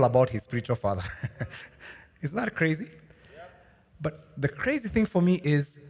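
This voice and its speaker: Male pastor, animated sermon delivery, reverberant church hall sound. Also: fairly high pitch. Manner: animated preaching with rhetorical questions and laughs.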